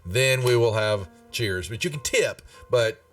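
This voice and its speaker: Guy game master rambling through a live game, mic a bit far, quiet music behind. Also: mid-range voice, lively intonation, unhurried. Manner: rambling, many restarts and fillers, chuckling. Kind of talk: running a live tabletop game.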